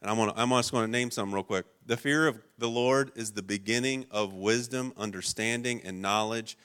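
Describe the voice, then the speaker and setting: A man preaching a sermon, telling stories with dramatic swings between loud, urgent lines and hushed, low passages. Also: fairly even intonation, normal speed, clean tone.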